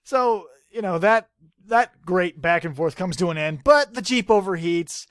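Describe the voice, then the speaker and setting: A high-pitched man hosting a casual podcast. He tells the story in an animated, rambling way and swears freely. The recording is dry and close. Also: unhurried, no room sound. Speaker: podcast host. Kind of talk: casual chat.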